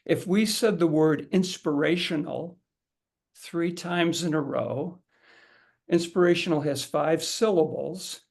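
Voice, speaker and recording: Man, middle-aged, teacher, gravelly tone, casual instructional talk, restarts and repetitions. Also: fairly high pitch, slow. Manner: conversational, repeats words and restarts, demonstrates aloud. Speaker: haiku teacher leading a workshop.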